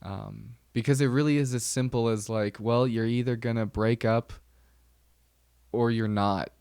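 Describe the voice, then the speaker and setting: A man's voice: medium pitch, fairly even intonation, measured pace, darkish tone, clean tone, no echo, studio quality. A young man hosting a podcast, rambling casually with self-deprecating jokes and lots of ums. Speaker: podcast host. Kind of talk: casual solo podcast monologue.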